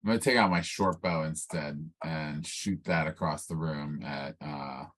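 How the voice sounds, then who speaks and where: A man's voice: a bass voice, a little slow, a bit bright. A man playing a tabletop game as a player, talking in a casual, laid-back way.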